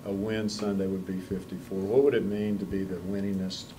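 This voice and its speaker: A man, a reporter, asking measured questions at a press conference. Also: deep voice, level tone, dark tone, slight background noise, rough recording.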